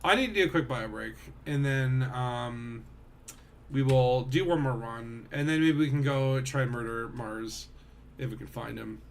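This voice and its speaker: A man's voice: medium pitch, a little slow, slight background noise. A man chatting casually and rambling to his viewers while streaming a game. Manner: chatty, rambling, talks to chat while playing. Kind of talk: casual gaming stream chat.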